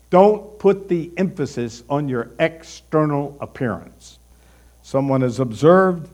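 Male preacher, slightly high voice, unhurried emphatic delivery, teaching from scripture. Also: a little mellow. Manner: measured, emphatic teaching with rhetorical questions. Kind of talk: expository sermon.

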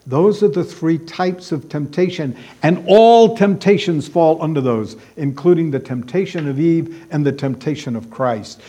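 A man's voice: fairly high pitch, animated, a little slow, mellow. A man preaching a sermon, emphatic and repeating key words for stress.

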